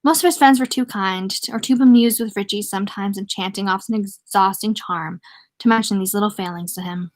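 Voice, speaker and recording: A woman reading a novel aloud casually, stumbling on words and stopping to comment. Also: mid-range voice. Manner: stumbling, pauses to comment and laugh. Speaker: reader.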